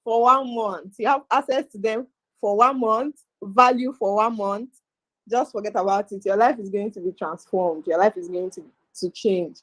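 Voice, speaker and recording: A woman's voice: mid-range voice, normal speed, a bit bright, no room sound, rough recording. A Nigerian woman co-hosting an online webinar, hyping up speakers with energy and teasing, slipping into Pidgin. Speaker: webinar co-host. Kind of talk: lively casual chat with Pidgin.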